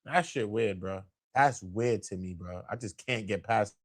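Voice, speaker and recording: A man hosting a live stream, reacting in casual slang with a lot of swearing. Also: a little slow. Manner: slangy and profane, with big swings of pitch.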